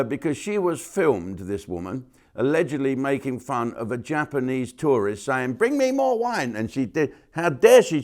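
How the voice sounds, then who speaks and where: A man hosting a comic rant to camera from a studio, sarcastic and profane. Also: medium pitch. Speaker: comedian host.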